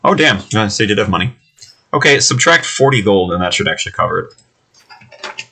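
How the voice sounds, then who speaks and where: A man running a tabletop game as game master, easygoing and chatty, often laughing and filling pauses with "uh" and "um". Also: lowish voice, lively intonation, vocal fry, pushed and bright, slightly rough, rough recording. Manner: easygoing, laughing, filler-heavy. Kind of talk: casual tabletop game narration.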